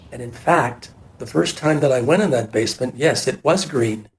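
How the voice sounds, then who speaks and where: An older man, telling a personal story in a loose, animated way and slipping into other people's voices. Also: medium pitch, moderate pace, few pauses, slight background noise. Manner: animated, jumps into quoted voices, loose run-on phrasing. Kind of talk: casual storytelling.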